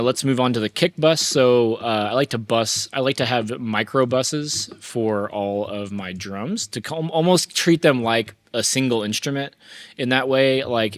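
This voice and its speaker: A man hosting a relaxed mixing tutorial, talking through his plugin settings with frequent restarts and fillers. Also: mid-range voice, dry recording. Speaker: mixing engineer and tutorial host. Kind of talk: casual screen-share mixing walkthrough.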